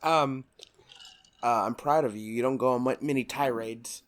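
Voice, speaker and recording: A man's voice: medium pitch, normal speed. A young man co-hosting a podcast in casual chat. He is enthusiastic, laughs easily and keeps calling his co-host "dude". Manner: enthusiastic, easy laugher, says "dude" a lot.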